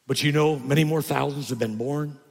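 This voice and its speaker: Older pastor guy preaching, gravelly voice, booming up high on big points, long hall echo. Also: fairly quick. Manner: preaching with sudden loud high-pitched emphasis. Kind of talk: sermon. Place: church sanctuary. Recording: reverberant church hall.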